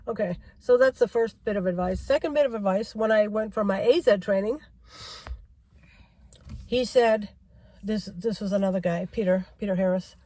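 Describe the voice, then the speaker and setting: A woman's voice: medium pitch, moderate pace, darkish tone, no echo. A middle-aged woman vlogger in a car, giving a rambling driving-safety rant and repeating herself for emphasis.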